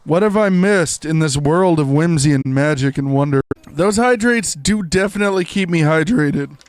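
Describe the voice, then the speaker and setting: A young male livestreamer chats casually with his viewers while gaming, rambling and filling his speech with fillers. His voice is a little high, his pace moderate, and there's no room sound.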